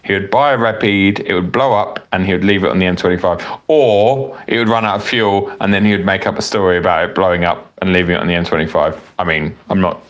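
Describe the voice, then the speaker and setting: Casting note: low-voiced man hosting a live car Q&A, loose and chatty, a bit tipsy. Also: fast, hardly any pauses. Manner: rambling, self-correcting, chatty with frequent fillers. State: tipsy from wine. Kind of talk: casual live-stream chat reading viewer comments.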